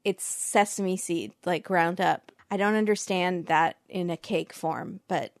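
A woman's voice: on the low side, a little slow, no room sound, clean studio sound. A woman co-hosting a casual recap chat, dropping wry asides. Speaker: co-host.

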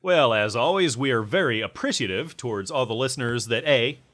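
A man's voice: medium pitch, animated, a little fast, fairly bright tone. A man hosting a metal podcast, chatting casually with lots of fillers and restarts. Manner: rambling, many fillers. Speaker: podcast host.

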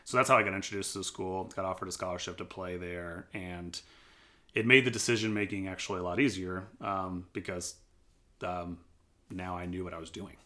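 An earnest male pastor from Colorado shares his testimony, his voice sitting low in pitch. His tone is bright and forceful. He tells his story thoughtfully and lets quoted lines come out with a lively edge. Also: fairly quick. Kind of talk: personal testimony in a church podcast interview.

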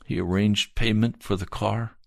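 A man preaching a slow, earnest sermon and telling a personal testimony. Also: fairly low pitch, fairly even intonation, creaky, no room sound, studio quality. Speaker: pastor.

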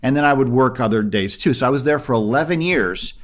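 A middle-aged man who talks at a fast clip in an ordinary mid-range voice. He is a comedy magician telling a story in a casual interview, and he slips into the voices of the people he quotes. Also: medium pitch. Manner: animated, acts out the people he quotes.

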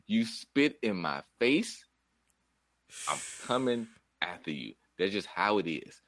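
A man's voice: on the low side, sing-song, takes it slowly, a bit bright, no echo, studio quality. A man co-hosting a casual podcast chat, rambling, restarting sentences and laughing often. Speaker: podcast co-host.

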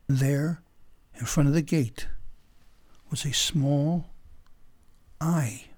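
A man's voice: on the high side, fairly even intonation, dry recording. Dramatic male storyteller. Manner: dramatic pauses, swings between whispers and loud emphasis. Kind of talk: oral storytelling.

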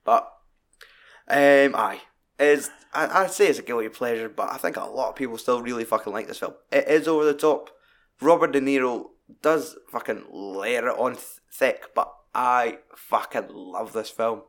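A Scottish man hosting a podcast, chatting casually about a film with lots of swearing and animated retelling. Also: mid-range voice, moderate pace. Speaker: podcast host. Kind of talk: casual film review chat.

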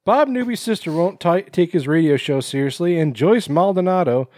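A man's voice: sits high, expressive, normal speed, a little mellow, no echo. A man co-hosting a podcast, reading a news item aloud and stumbling and laughing through it between profane jokes. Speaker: podcast co-host. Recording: dry close mic.

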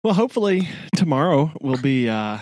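A man's voice: on the high side, big pitch swings, fairly quick, darkish tone, dry recording. A man co-hosting a podcast, chatting casually with short supportive reactions and jokes. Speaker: podcast co-host. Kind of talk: casual chat.

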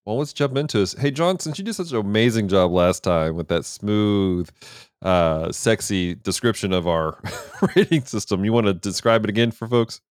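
Male host, smooth resonant low voice, upbeat, dry close sound. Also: normal speed, no echo. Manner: upbeat, steers the talk to others. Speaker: podcast host. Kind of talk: casual movie review chat.

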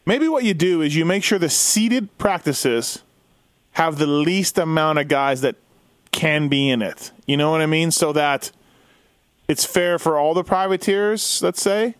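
A man's voice: on the high side, a little slow, dry recording. A man hosting a casual motocross talk show, rambling and thinking aloud. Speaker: podcast host. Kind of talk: casual chat.

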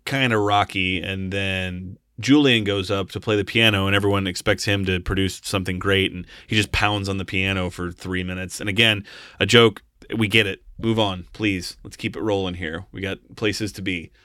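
Male podcast co-host, low-pitched, smooth and forceful tone, blunt and exasperated film talk. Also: steady tone, normal speed, no room sound, studio quality. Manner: blunt, exasperated, swears casually. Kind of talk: casual film review chat.

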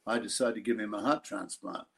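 An older Australian actor telling a lively story in an interview, acting out other people's voices. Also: male voice, fairly low pitch, brisk, vocal fry. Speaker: actor guest. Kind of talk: interview anecdote.

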